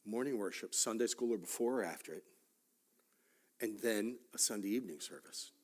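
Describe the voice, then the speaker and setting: A man's voice: lowish voice, moderate pace, a little mellow. A man teaching a Sunday school class at church, talking conversationally with joking asides and frequent checks like "right?" and "okay?".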